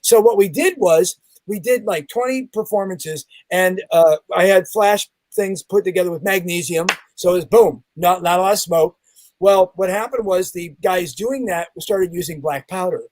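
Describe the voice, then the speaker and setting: A man with a fairly high voice tells a story as a podcast guest, acting out every bang and every quoted line. The sound is close and dry, with no room around it. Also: normal speed, a little mellow, no room sound. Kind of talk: animated storytelling in conversation.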